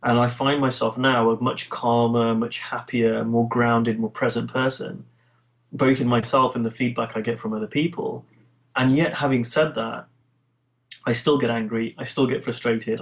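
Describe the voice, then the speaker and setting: A man's voice: mid-range voice, low-quality recording. A British man, a coach, speaking as an interview guest, reflective, often restarting and repeating words. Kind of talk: interview conversation.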